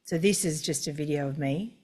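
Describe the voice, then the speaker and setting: A woman's voice: low-pitched, brisk, mellow. A woman hosting a casual video call, chatty and rambling, with lots of fillers. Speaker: webinar host.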